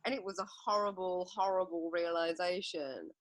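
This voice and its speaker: A woman's voice: on the low side, fairly even intonation, moderate pace, dry recording. A middle-aged woman from England, a book author, telling reflective anecdotes as a guest in a podcast interview.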